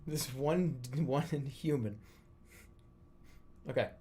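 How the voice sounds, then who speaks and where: A man's voice: medium pitch, slow pace, warm tone, slight background noise. A man streaming live, chatting casually and thinking aloud while he ranks things, his volume drifting up and down. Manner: musing aloud, drifting volume, brief laughs.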